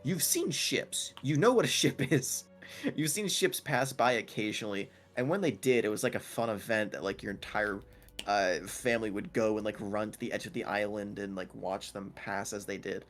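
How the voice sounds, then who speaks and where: A man's voice: on the low side, moderate pace, a bit bright. Young male game master, casual narration with fillers and laughs, faint background music.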